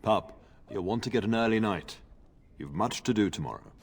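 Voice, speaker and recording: A man's voice: on the low side, normal speed. An actor playing an older noble father in a fantasy game, speaking with fond, wry humor. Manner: lively, wry, fond teasing. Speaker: game character. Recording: long reverb from game audio.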